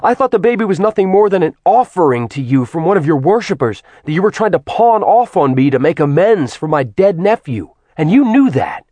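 A man's voice: mid-range voice, sing-song, normal speed, no room sound, voice pushed up, lightly acted. A man voicing a furious ancient male god in an audiobook, snarling in a raised, angry voice.

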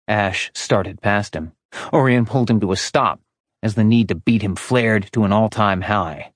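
Low husky guy narrating a novel, dry close sound. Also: moderate pace, no echo. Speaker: audiobook narrator. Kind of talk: scripted narration.

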